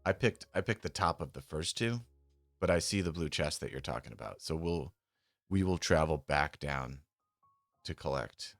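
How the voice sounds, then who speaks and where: In a clean studio recording with no room sound, a man with a bass voice, a bit bright, speaks at normal speed with lively intonation. He chats casually on stream while gaming and checking options trades, muttering and swearing when annoyed, over faint music.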